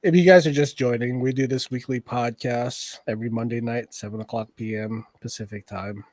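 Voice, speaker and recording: A man's voice: medium pitch, steady tone, fairly quick, a little mellow, dry recording. Teasing man joking on a podcast. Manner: joking, teasing, trails off into asides. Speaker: podcast co-host. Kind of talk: casual chat while drawing.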